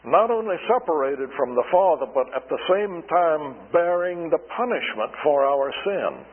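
A man preaching a sermon in a slow, deliberate way, asking his congregation rhetorical questions. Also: fairly high pitch, animated, husky. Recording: tinny radio broadcast with long reverb.

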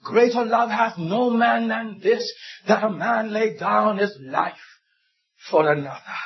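A man with a very high, husky voice preaches slowly and passionately, often climbing into shouts. The recording is dull and lo-fi, as if from an old church tape. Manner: impassioned, rising to shouts on key lines. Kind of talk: sermon. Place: church building.

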